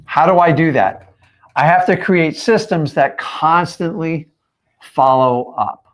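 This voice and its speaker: A man's voice: on the high side, takes it slowly. A man coaching his viewers on a live stream, talking straight at them in an emphatic, direct way. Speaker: real estate coach.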